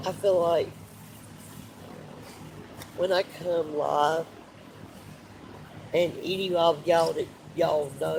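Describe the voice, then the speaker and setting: A man with a voice on the high side, marked by vocal fry and a little mellow, cries as he speaks to viewers on a live stream. He's tearful and heartfelt, repeating himself emotionally. The audio is poor, with slight background noise.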